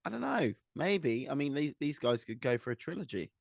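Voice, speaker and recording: A man's voice: medium pitch, sing-song, brisk, vocal fry, no room sound, studio quality. A man co-hosting a casual podcast chat, joking and offhand. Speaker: podcast co-host.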